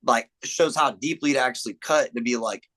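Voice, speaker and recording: A young man appears as a podcast guest in a casual chat, speaking in a brisk, mid-range voice. He retells movie scenes as an animated storyteller, acting out quotes and swearing a lot. The recording is rough.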